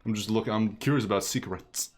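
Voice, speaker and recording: A man's voice: lowish voice, steady tone, quick pace, soft background music. A man streaming a game, chatting casually and joking as he reads the dialogue aloud. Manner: joking, chatty, laughs often.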